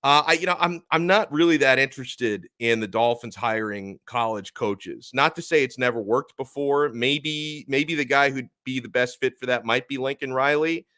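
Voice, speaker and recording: A man's voice: medium pitch, moderate pace, few pauses, pushed and bright, dry recording. A man hosting a live sports talk stream, speaking emphatically and reading out chat comments as he goes.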